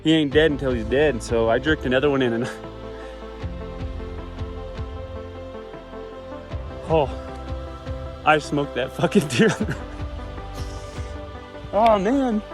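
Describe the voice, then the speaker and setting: A man telling his hunt story outdoors in remote mountain country, excited and emotional, swearing freely in casual vlog talk. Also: on the high side, normal speed, music in the background. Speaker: hunter filming himself.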